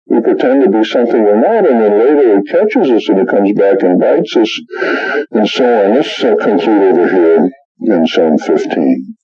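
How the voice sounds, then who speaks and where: A middle-aged pastor with a lowish voice preaches a sermon at a moderate pace, animatedly telling stories and acting out the voices of the people he quotes. The lo-fi recording has no room sound and soft music playing underneath.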